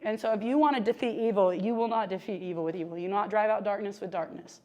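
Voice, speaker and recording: A woman giving a relaxed, conversational sermon at a middle pitch. She talks in a chatty, animated way, full of fillers and quick asides to the people listening. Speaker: preacher.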